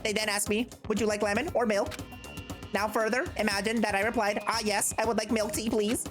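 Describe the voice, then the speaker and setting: A woman's voice: mid-range voice, little pitch movement, brisk, voice pushed up, close to an everyday voice. A woman voicing a haughty gothic young woman with a put-on posh European-sounding accent, speaking primly and lecturing. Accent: put-on vaguely European posh accent. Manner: prim, lecturing, imperious. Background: game music.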